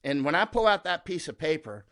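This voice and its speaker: This middle-aged man from the United States, a war correspondent, is interviewed in a conversational setting. His somewhat high voice has a sing-song lilt and a fairly bright tone, moving a little fast as he makes emphatic, combative points capped with "right?"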